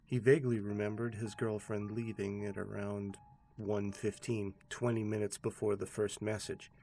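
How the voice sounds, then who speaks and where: A man, host of a horror channel, giving a scripted narration of a scary story in a steady, measured way. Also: on the low side, vocal fry, slight background noise. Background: faint background music.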